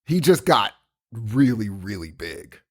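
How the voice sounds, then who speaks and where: A man's voice: fairly low pitch, sing-song, takes it slowly, fairly bright tone. A man co-hosting a podcast in casual chat, rambling and calling his friend dude. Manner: rambling, says dude a lot. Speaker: podcast co-host.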